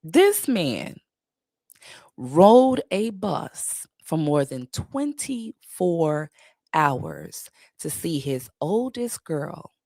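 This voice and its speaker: A woman in her thirties with a lowish voice hosts a casual livestream Q&A. She talks bluntly and candidly, swearing freely and laughing often. The sound is dry and close, with no room around it. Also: sing-song, extremely slow, gravelly, dark tone, no room sound. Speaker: livestream host.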